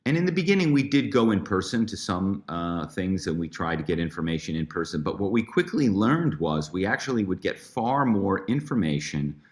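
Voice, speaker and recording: A man's voice: low voice, very animated, normal speed, few pauses. A middle-aged man, a guest, telling stories in an interview, chatty with many fillers and restarts. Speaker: guest, author and former corporate spy. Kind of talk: storytelling interview.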